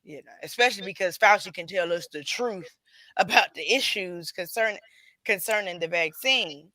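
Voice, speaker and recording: A woman co-hosting a podcast in casual chat, playful and animated, often laughing. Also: fairly low pitch, moderate pace, dry recording. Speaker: podcast co-host.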